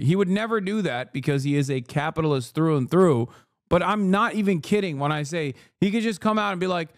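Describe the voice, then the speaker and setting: A male streamer delivers sarcastic, profane, animated reaction commentary. His voice is a little high and sounds dry and close to the mic. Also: no echo. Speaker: streamer host.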